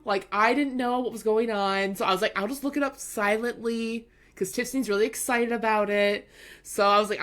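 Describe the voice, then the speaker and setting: A woman's voice: fairly high pitch, a little fast, fairly bright tone. A woman co-hosting a chatty podcast, rambling through stories with lots of fillers and frequent giggles. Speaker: podcast co-host. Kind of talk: casual chat.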